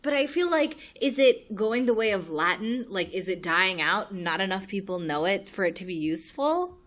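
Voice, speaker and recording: A woman's voice: mid-range voice, lively intonation, moderate pace, a bit bright. A young woman co-hosting a podcast, chatting casually and laughing often. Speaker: podcast co-host. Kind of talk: casual chat.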